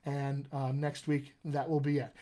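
A man's voice: medium pitch, completely flat delivery, unhurried, mellow. An American man, a dialect coach, chatting casually and rambling to viewers on a live stream, calling them by name. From United States.

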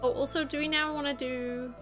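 A woman's voice: high voice, fairly even intonation, brisk. A woman commenting casually on a video game she is playing, thinking aloud in a chatty way and swearing playfully. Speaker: gaming YouTuber. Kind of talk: casual let's-play commentary. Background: game music.

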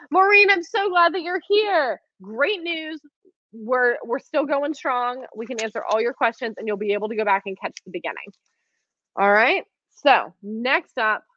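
A woman's voice: fairly high pitch, fairly bright tone, no echo. Chatty woman teaching quilting. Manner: chatty, encouraging, answers viewer questions, many ums. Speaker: quilting instructor. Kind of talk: live online craft class. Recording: dry, slightly dull stream audio.

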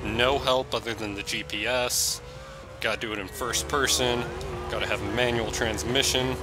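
A man giving excitable, jokey gameplay commentary, yelping and shouting whenever he crashes. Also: mid-range voice, moderate pace, loud music behind the voice. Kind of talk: let's play commentary.

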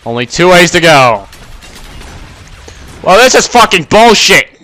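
High, lively young man raging at a game. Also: measured pace. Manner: short-tempered, cursing, yelling at the game. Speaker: gameplay commentator. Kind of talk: gaming commentary. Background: gunfire from the game.

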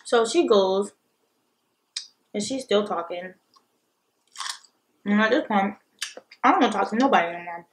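A young woman telling a story in a casual mukbang vlog, blunt and animated, with frequent swearing. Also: medium pitch, normal speed, long pauses, slight background noise. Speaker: vlogger.

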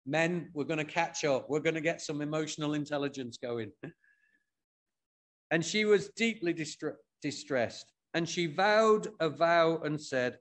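A man's voice: on the high side, measured pace, fairly bright tone. A man with an English accent preaching a sermon as pastor, retelling a Bible story expressively and with humour. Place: church.

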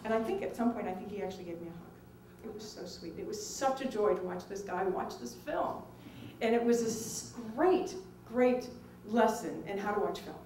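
A middle-aged woman tells a personal story to an audience in a lively, conversational way and acts out other people's lines. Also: medium pitch, normal speed, few pauses, slight background noise. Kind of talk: personal anecdote told to an audience. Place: film festival venue. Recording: roomy, distant mic with faint ambience.

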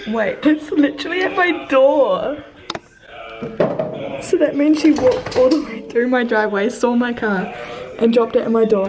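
A woman's voice: on the high side, a little mellow. A young woman vlogging in a gushing, breathless and emotional casual way. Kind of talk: excited casual vlog.

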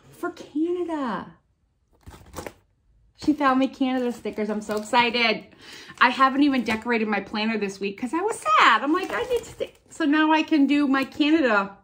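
A woman in her fifties chatting excitedly as a vlogger opening viewer mail, sounding stuffed up from sinus trouble. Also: a little high, slight background noise. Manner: bubbly, gushing, chatty. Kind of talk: casual chat.

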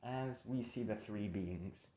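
A man's voice: lowish voice, takes it slowly, mellow. A young man casually narrating a fan story, rambling and correcting himself with informal asides. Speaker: channel narrator.

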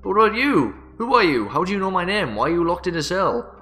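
A man's voice: high voice, huge pitch swings, takes it slowly, vocal fry, pushed and bright, faint music behind, pitched above the performer's own voice, exaggerated voice. A man reading the lines of a confused young escaped test subject in a video game, asking bewildered, pleading questions.

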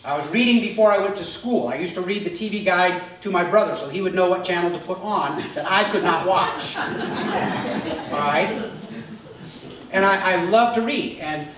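High-voiced preaching man in echoey hall. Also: normal speed, crowd noise. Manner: conversational, animated preaching with acted dialogue. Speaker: pastor. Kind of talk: sermon. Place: church sanctuary. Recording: echoey church hall, mic far off.

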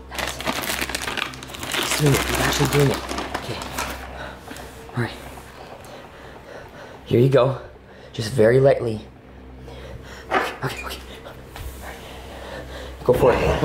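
Give me a man hosting a frantic challenge vlog, jittery and dramatic, who keeps dropping into hushed whispers for his viewers. He is recorded in an echoey room with loud noise behind him. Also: mid-range voice, slow, long pauses. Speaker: YouTube host. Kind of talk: excited prank-challenge vlog.

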